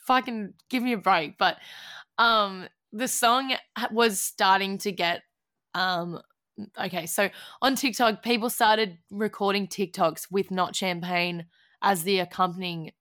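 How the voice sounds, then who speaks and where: An Australian woman with a bright, clear voice talks in a loose podcast chat. She gushes with emotion, swears freely and breaks into laughter. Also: medium pitch, unhurried. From Gold Coast, Australia. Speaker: musician guest.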